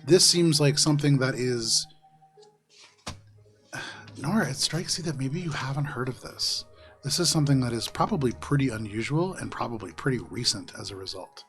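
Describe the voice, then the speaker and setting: A man narrating as dungeon master in a tabletop role-playing game, describing scenes in a relaxed way with fillers. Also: medium pitch, moderate pace, soft background music.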